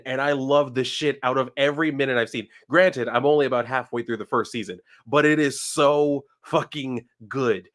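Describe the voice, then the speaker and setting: A man's voice: mid-range voice, fairly bright tone. A man live-streaming casual chat, reading viewer messages and talking animatedly with frequent swearing.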